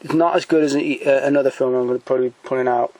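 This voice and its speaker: A man talking casually and haltingly, with many pauses and restarts, giving enthusiastic recommendations as he shows his shelf. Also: mid-range voice, fairly even intonation, darkish tone, no echo, low-quality recording. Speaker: collector showing DVDs. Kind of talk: casual off-the-cuff commentary. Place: home room by a shelf.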